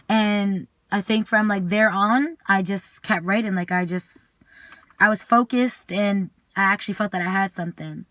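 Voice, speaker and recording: A woman's voice: medium pitch, moderate pace, a bit bright, no echo. A young woman speaking earnestly and plainly, chatting in a vlog and performing a spoken word poem.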